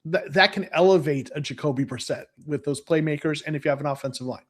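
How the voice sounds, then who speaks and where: A man's voice: a little high, quick pace. A man talking as a football fan guest, rambling with lots of restarts and fillers. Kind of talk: casual podcast chat.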